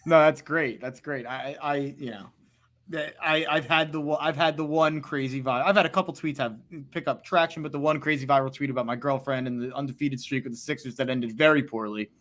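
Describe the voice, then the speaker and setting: A man's voice: mid-range voice, steady tone, a little fast, fairly bright tone. A man co-hosting a sports podcast, talking football in a rambling way with many restarts and hedges. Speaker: podcast co-host. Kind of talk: casual sports talk.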